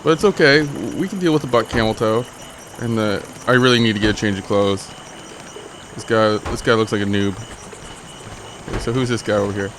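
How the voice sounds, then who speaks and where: A man's voice: fairly low pitch, a little fast, long pauses, fairly bright tone, slight background noise. Joking man doing gameplay commentary. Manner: joking, rambling, self-mocking asides. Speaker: let's play host.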